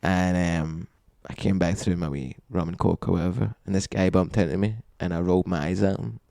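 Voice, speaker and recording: A young Glaswegian man, a comedian guest, telling profane deadpan stories in casual podcast chat. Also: deep voice, a little fast, vocal fry, no room sound, clean studio sound. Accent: Glaswegian Scottish. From Glasgow, Scotland.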